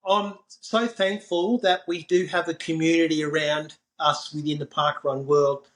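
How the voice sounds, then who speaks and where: A man's voice: fairly high pitch, steady tone, measured pace, a bit bright, poor audio. A man, hosting a podcast interview. He talks in an effusive way and is generous with his praise. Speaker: podcast host.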